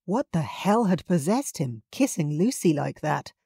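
A woman reading romance narration in a calm, even storytelling manner. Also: lowish voice, measured pace, husky, no echo, studio quality. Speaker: audiobook narrator. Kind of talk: scripted narration.

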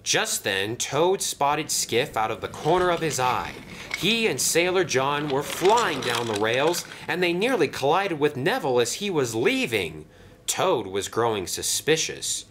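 A man narrating a children's toy train story in an expressive storybook style. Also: a little high, unhurried. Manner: lively, expressive.

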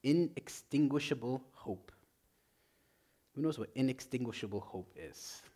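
A man preaching as a priest in a conversational way, often saying "like" and swinging from loud to very soft. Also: mid-range voice, expressive, a little slow. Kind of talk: sermon.

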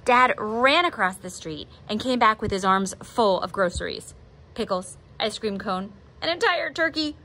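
A woman art teacher who reads a picture book aloud with expressive, animated storytelling, then gives drawing steps. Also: medium pitch, measured pace.

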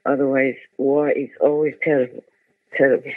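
A woman's voice: rumbling low, flat delivery, moderate pace. An older woman and spiritual teacher speaking to her team on a conference call by phone. She talks with strong feeling and repeats words for emphasis. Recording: tinny phone line.

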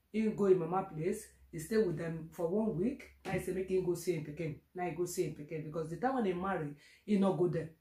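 Nigerian woman telling a story, mellow voice. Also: lowish voice, echoey room. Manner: animated retelling with many fillers and repeats. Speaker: vlogger. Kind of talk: casual storytelling.

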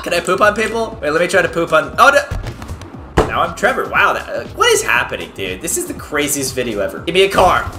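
A man giving excited gameplay commentary, yelping, shouting and making little sound effects as he plays. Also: on the high side, a little fast. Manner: hyper, yelps and shouts, makes "bop" sound effects. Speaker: gaming video creator. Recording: game music playing underneath. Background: game music.

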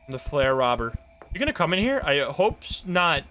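Jumpy male streamer swearing through a horror game, high lively voice, bright. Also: brisk, slight background noise. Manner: excitable, swearing, jumpy reactions. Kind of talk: live gameplay commentary.

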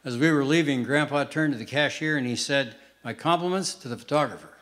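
Deadpan stand-up comedian, man. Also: medium pitch, fast talker, background noise. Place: theater stage with live audience. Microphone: stage microphone.

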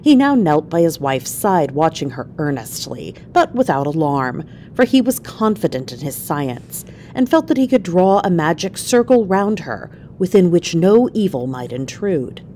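A woman narrates a classic story aloud in a measured, expressive reading. Her voice sits low but moves a lot in pitch. The pace stays steady. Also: slight background noise. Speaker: reader.

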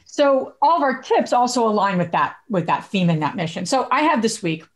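Middle-aged lady cohosting a podcast, chatty and animated, laughs a lot, mid pitch. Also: fairly quick. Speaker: podcast co-host. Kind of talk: casual podcast chat.

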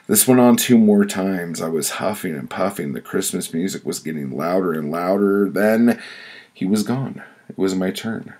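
A man's voice: low-pitched, lively intonation, normal speed, darkish tone. A man reading his own first-person prose aloud, blunt and profane in his telling.

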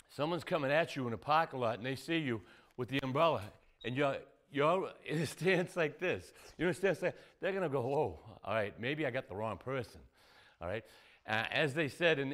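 A man teaching self-defense moves in a casual, rambling way, often checking in with "all right?" as he demonstrates. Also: a bit bright. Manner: loose, repetitive, says "all right?" and "boom" often. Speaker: martial arts instructor. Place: indoor studio.

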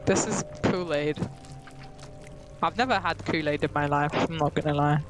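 A nervous man streaming a horror game in a put-on American accent, rambling goofily and breaking into high shrieks. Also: normal speed, long pauses, music in the background. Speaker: gaming streamer. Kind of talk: casual let's-play commentary.

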